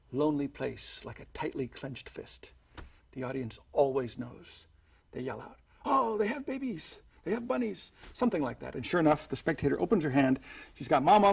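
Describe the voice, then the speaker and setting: A man's voice: mid-range voice, gravelly, darkish tone, slightly rough. A man teaching sleight-of-hand magic tricks in a chatty, playful way, slipping into showman patter as he demonstrates. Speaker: magic instructor.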